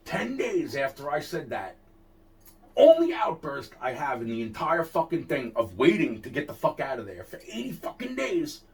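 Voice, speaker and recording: A man's voice: medium pitch, darkish tone. Heated, profane man ranting. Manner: heated, profane, repeats himself and restarts often. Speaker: interviewee telling a personal story. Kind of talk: casual storytelling rant. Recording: distant mic.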